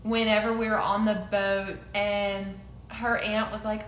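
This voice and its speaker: A woman's voice: medium pitch, flat delivery, measured pace, echoey room, a little hiss or hum. A young woman in casual conversation, telling a personal story with lots of laughter and quoted voices. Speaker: podcast co-host.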